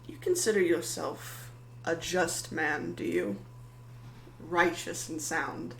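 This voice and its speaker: A game master voicing a towering, cold armored male paladin who speaks quietly with measured menace. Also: mid-range voice, fairly even intonation, vocal fry, roomy sound, a little hiss or hum, poor audio. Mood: probing. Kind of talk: tabletop role-play voice.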